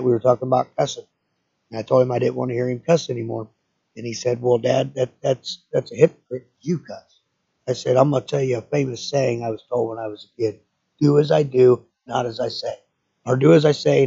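Gravelly, husky, middle-aged man, profane ranting podcast host, rambling, dull lo-fi sound. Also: mid-range voice, dark tone. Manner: rambling with many restarts. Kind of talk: solo podcast rant.

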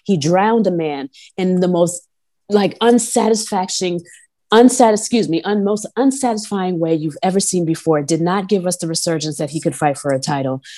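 Brash low-voiced New York woman. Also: normal speed. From Long Island, New York. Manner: brash, profane, animated. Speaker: podcast co-host. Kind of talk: casual fight-talk chat. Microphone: phone or remote call.

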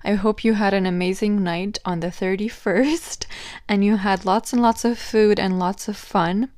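A woman's voice: medium pitch, steady tone, measured pace, darkish tone, no echo, clean studio sound. A woman hosting her own podcast, giving upbeat advice and asking her listeners questions. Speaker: podcast host. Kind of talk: solo podcast talk.

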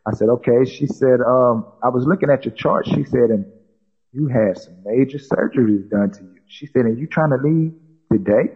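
A man tells a long personal story, repeating "she said" as he quotes people. His voice is husky and mid-pitched, and the recording sounds a little muffled. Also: moderate pace. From South Carolina, US. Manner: repetitive quoting with many "she said" tags. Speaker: guest. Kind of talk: storytelling in conversation.

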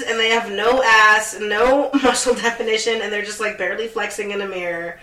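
A woman's voice: medium pitch, normal speed, few pauses, pushed and bright, far from the mic. A young woman co-hosting a casual chat, ranting sarcastically and swearing a lot. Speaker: podcast co-host. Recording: echoey room, off mic.

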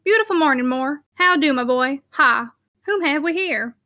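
A woman voicing a nimble, keen older male rector who fires off brisk, commanding questions. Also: high voice, animated, pushed and bright, no echo, studio quality.

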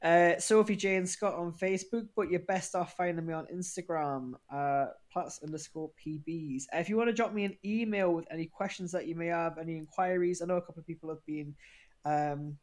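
A woman's voice: on the low side, brisk, a little mellow. A young woman co-hosting a casual podcast, teasing and swearing playfully. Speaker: podcast co-host.

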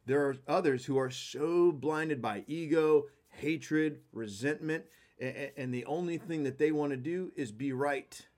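A man's voice: fairly high pitch, unhurried, darkish tone. A man hosting a solo podcast, talking casually and emphatically, with a self-deprecating touch. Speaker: podcast host.

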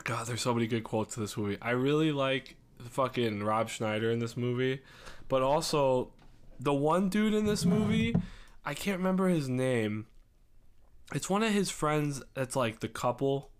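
A young podcast co-host chats casually in an animated, medium-pitched voice with a clean tone and moderate pace. He rambles, swears a lot and acts out movie quotes.

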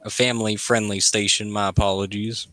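Bright, animated male co-host, crude joker, dry close mic. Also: lowish voice, brisk, no room sound. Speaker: podcast co-host. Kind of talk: casual chat.

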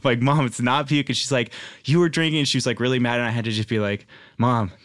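A man's voice: mid-range voice, steady tone, very fast, fairly bright tone, no echo, clean studio sound. A young man co-hosting a podcast, telling a story in casual chat, laughing often and using many fillers. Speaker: podcast co-host.

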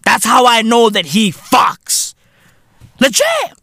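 A man with hosting a comedy podcast, giving a profane monologue full of "bruv" and "innit" and shouting some bits. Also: high-pitched, sing-song, measured pace, dry recording, clean studio sound. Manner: profane slangy banter, frequent "bruv" and "innit".

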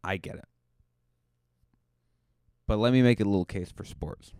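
Male podcast host, comic rambling monologue, clear low voice, dry close recording. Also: a little slow, a little mellow, no echo. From Cape Cod, Massachusetts. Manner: joking, rambling, self-deprecating. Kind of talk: comedic monologue.

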